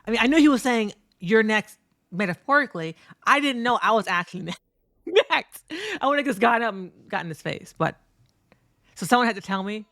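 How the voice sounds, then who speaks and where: Bright-voiced woman telling a story, profane and animated. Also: mid-range voice, normal speed, dry recording, studio quality. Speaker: streamer and competitive fighting game player. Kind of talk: casual commentary over her own match footage.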